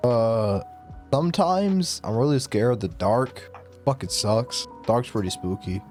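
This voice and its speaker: A man's voice: medium pitch, lively intonation, a little slow, a little mellow, soft background music. Laid-back swearing podcast guy. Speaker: podcast co-host. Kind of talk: casual chat.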